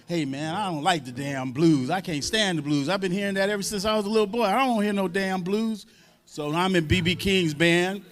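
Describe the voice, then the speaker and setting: A man with a fairly high speaking voice tells a story to a crowd at a public event. He talks loosely and with humor, drops casual curses, and acts out the people he quotes. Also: fairly bright tone. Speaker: drummer and guest speaker.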